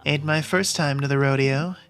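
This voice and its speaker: A man's voice: a little high, fairly even intonation, moderate pace, a bit bright, faint music behind. Man doing a laid-back suburban mom, dry, offhand, game voice. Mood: wry.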